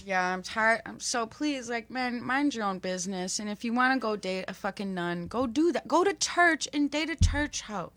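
Young woman, fairly high voice, bright tone, blunt, swearing, casual chat. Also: animated, moderate pace, hardly any pauses. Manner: blunt, profane, heated.

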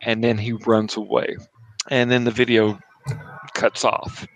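A man narrating as game master of a tabletop horror game at home, casual and halting, restarting his sentences as he goes. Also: mid-range voice, flat delivery, rough recording.

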